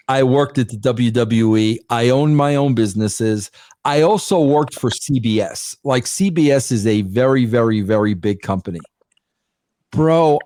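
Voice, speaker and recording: A man's voice: mid-range voice, a little mellow, dry recording. A man as an interview guest, talking emphatically in casual speech and calling everyone "bro". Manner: emphatic, says "bro" constantly.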